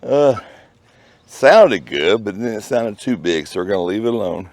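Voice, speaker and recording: Folksy Texan man, gravelly and mellow. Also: fairly low pitch, lively intonation, normal speed, a little hiss or hum. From Texas. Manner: folksy, jokey, playful made-up words. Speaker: metal detecting channel host. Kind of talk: casual narration while detecting. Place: outdoors in a park.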